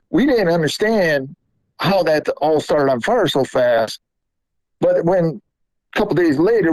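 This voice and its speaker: A man hosting a podcast, telling a story in a loose, rambling, animated way. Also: on the high side, vocal fry, dry recording, rough recording. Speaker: podcast host. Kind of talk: casual storytelling.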